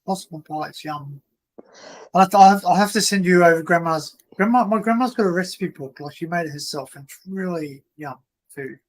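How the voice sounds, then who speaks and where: A man's voice: sits high, brisk. An Australian man hosting a casual trivia session over a video call, chatty and joking in an easygoing way. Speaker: host of a trivia livestream. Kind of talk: casual chat, quiz hosting.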